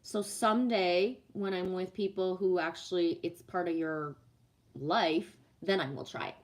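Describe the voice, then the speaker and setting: A woman's voice: lowish voice, fairly even intonation, a little slow. Chatty woman, swears freely. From Canada. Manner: chatty, swears freely, reads out viewer comments. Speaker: livestream card reader. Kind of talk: casual live-stream chat.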